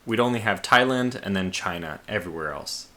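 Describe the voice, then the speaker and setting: A man with a lowish but bright, forceful voice talks through a strategy game at his desk. He thinks aloud, restarts his sentences and sounds a little sleepy, stifling yawns. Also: expressive, a little fast. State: sleepy, yawning. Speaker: let's play host. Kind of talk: casual game commentary.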